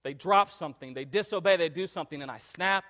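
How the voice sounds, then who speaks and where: A man in his thirties preaching a sermon in an earnest, conversational way that climbs to loud emphatic passages. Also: a little high, quick pace. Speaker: pastor.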